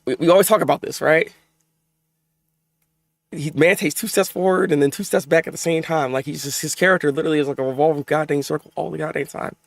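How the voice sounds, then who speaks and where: A man hosting a live manga reaction, excitable and exasperated, with frequent restarts and repeated words. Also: a little high, creaky, dry recording. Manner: excitable, exasperated, talks fast with many restarts.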